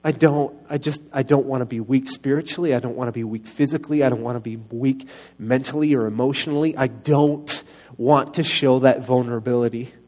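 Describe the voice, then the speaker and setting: A man's voice: mid-range voice, steady tone, a little fast. Earnest man telling a personal story. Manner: earnest and confessional, soft-spoken, rising to raised voice. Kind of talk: personal testimony sermon. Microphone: microphone.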